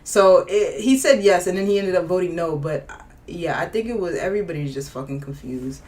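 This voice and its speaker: A woman co-hosting a casual podcast chat, animated and laughing, acting out the people she talks about. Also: fairly low pitch, brisk, recorded from a distance. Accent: Boston. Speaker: podcast co-host.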